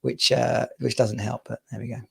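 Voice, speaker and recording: A man's voice: mid-range voice, little pitch movement, moderate pace, gravelly, fairly bright tone, husky. A man from the UK in his thirties, hosting a casual podcast chat and rambling through stories between laughs. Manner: rambling, chatty storyteller who laughs often. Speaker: podcast host.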